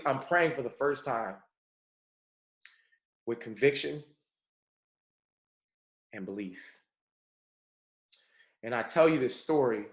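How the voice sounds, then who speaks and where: A man from California leading a morning mentorship call, telling a personal story in an earnest, motivational way and often calling his listeners folks. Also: mid-range voice. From Pomona, California. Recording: roomy echo.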